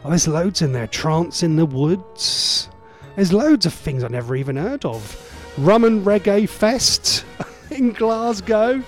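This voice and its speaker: A man's voice: high voice, animated, takes it slowly, faint music behind. A middle-aged man hosting a radio show in casual, rambling, jokey chat. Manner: rambling, chatty, loose and jokey. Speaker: radio host.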